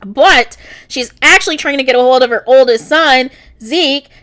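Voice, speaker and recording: A woman with a notably high voice recaps a TV episode for her vlog. She talks in a chatty, casual way and sounds exasperated as she runs through the drama. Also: moderate pace, a bit bright. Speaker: TV reaction vlogger.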